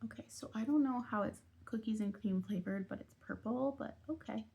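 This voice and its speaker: A woman talks casually through a coloring game at home, chatty and giggly. She often slips into a half-whisper. Her voice sits a little high, with a husky, breathy edge. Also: fairly quick, warm tone. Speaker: budgeting vlogger. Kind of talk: casual chat while coloring. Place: home on a busy street.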